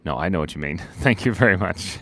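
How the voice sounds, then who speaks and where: A man's voice: low voice, lively intonation, brisk. A man hosting a live drawing stream, chatting casually, joking, laughing often and reading out viewer comments.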